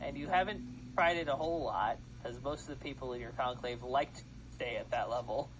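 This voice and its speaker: A man's voice: medium pitch, fairly quick, rough recording. A man narrating a tabletop game as game master, loose and joking, with faint background noise. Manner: loose, laughing, playing shopkeepers on the fly.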